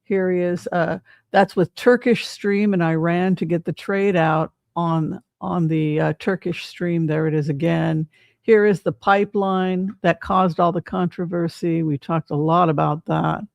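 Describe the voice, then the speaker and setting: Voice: mid-range voice, steady tone, unhurried, creaky, no room sound, studio quality. A psychic tarot reader giving casual livestream commentary in a chatty way, often asking the audience rhetorical questions.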